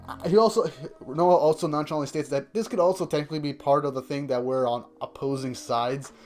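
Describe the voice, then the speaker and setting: A man with a somewhat high voice recaps a manga chapter in a relaxed, conversational way. He chats freely and keeps laughing between points. Clear background music plays under him. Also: a little fast. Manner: chatty, often breaks into laughter. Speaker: manga reviewer. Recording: music playing behind the voice.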